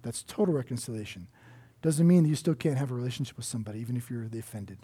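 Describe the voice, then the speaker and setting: A male pastor preaching a sermon in an earnest way, often dropping to a soft hush to stress a point. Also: medium pitch, animated, rapid-fire, husky.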